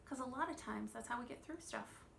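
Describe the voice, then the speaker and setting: A woman in her thirties giving a children's church lesson, gentle and expressive, asking the children questions. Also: a little high, a little fast, gravelly, slight background noise.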